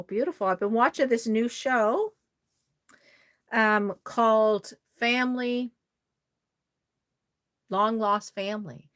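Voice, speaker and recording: A woman from Nova Scotia, chatting casually on a live stream, rambling and reading out viewer comments as she works on a doll. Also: mid-range voice. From Nova Scotia, Canada.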